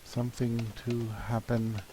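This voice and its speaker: A man's voice: medium pitch, completely flat delivery, mellow, a little hiss or hum, low-quality recording. A man, a comic artist, thinking aloud in a hesitant, musing way while planning a comic. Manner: hesitant and musing, with many pauses and fillers.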